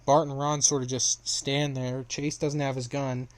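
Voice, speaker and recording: A young man walks through a story in a loose, casual recap. His delivery is flat and even, and he trips over his words and circles back as he goes. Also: medium pitch, measured pace. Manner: rambling, filler-heavy retelling with restarts.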